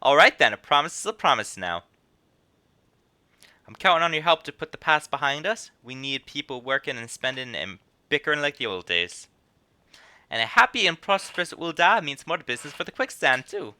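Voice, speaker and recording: A man's voice: on the high side, very animated, moderate pace, bright, forceful tone, smooth, pitched above the performer's own voice, exaggerated voice. A man doing a drawling folksy innkeeper lady. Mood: folksy, storytelling. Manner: drawling, wandering between put-on accents. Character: folksy female innkeeper and guild manager, chatty.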